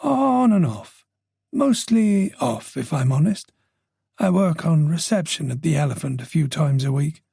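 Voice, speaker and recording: A man's voice: a little high, expressive, unhurried, vocal fry, dark tone, slightly rough, no echo, heavily acted. Man voicing a gossipy Dublin-born older woman. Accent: faint Dublin Irish. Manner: gossipy, nosy, playful.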